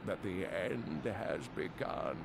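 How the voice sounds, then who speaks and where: An actor playing a wise, weary old male scholar in a game, telling old tales slowly and solemnly. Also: deep voice, creaky, noisy background, exaggerated voice. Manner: slow, solemn storytelling. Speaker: game character.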